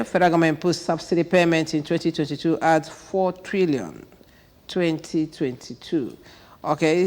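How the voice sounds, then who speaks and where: A woman hosting a TV newspaper review, her voice rough from a cold, reading headlines aloud with short pointed asides. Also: low voice, a little mellow, big-room sound. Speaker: TV morning show host.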